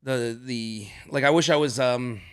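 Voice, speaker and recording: A man in his thirties, a comedian guest on a podcast, riffing with quick, playful jokes in casual chat. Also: medium pitch, a bit bright, smooth. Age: 30s.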